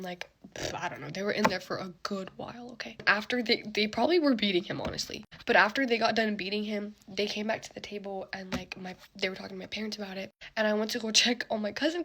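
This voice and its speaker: A young woman telling a story in casual chat, animated and laughing often, with lots of "like" fillers. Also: medium pitch, background noise.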